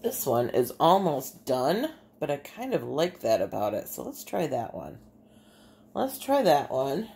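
A woman's voice: low voice, huge pitch swings, a little slow, creaky, darkish tone. A woman with a Bay City, Michigan accent, an artist and teacher chatting casually as she demonstrates a craft in her home kitchen, thinking aloud as she works.

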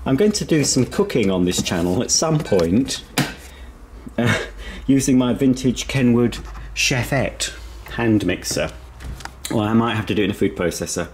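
A man's voice: mid-range voice, animated, moderate pace, background noise. A man giving a casual, rambling video tour of a house, chatting while he eats. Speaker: vlogger. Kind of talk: casual home tour vlog. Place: inside a house.

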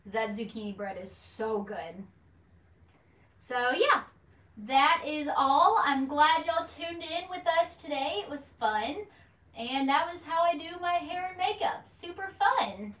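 A woman's voice: high-pitched, a bit bright, distant mic. A woman hosting a casual live-stream vlog, chatting in a bubbly, talkative way and addressing viewers as "y'all.". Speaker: beauty vlogger host. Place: indoor room at home. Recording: echoey room, voice off-mic, faint hiss.

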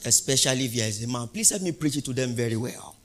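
A male pastor preaching a sermon, asking the congregation questions and building to loud, emphatic peaks. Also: medium pitch, fast talker, a little hiss or hum.

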